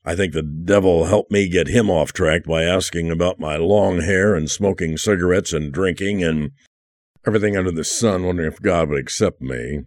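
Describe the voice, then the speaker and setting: Older male pastor, deep and earnest, dry studio read. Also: normal speed, no room sound. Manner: earnest, emotional storytelling, drops to hushed tones. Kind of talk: testimony sermon.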